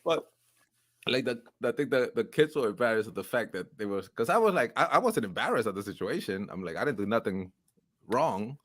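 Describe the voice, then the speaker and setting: A man with a medium-pitched voice, talking a little quickly, co-hosts a casual podcast conversation. He's an animated storyteller, cursing a lot and acting out voices through a long story.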